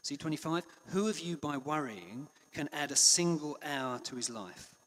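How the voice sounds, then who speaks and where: A man preaching a sermon in a conversational way, with frequent restarts and passages that drop to a hush. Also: a little high, lively intonation, normal speed. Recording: long hall reverb.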